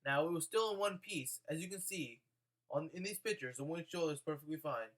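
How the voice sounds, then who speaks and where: Young male vlogger, bright and slightly high voice, profane casual storytelling. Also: animated, brisk.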